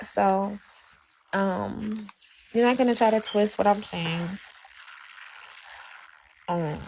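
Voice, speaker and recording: A woman's voice: mid-range voice, slow, pauses often, a little mellow, rough recording. A woman giving a fervent faith testimony on a livestream. She talks straight to her viewers and repeats herself for emphasis.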